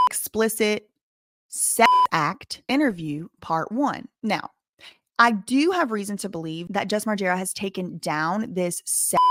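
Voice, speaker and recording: A woman hosting commentary, talking indignantly and repeating her points with deliberate stresses. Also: lowish voice, fairly bright tone, dry recording, studio quality. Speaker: commentary channel host. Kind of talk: emphatic to-camera commentary.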